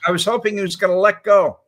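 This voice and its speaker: An older man hosting a casual talk show, telling animated stories and laughing often as he acts out quotes. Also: high-pitched, brisk. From Chicago area. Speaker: show host. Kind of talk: casual storytelling chat.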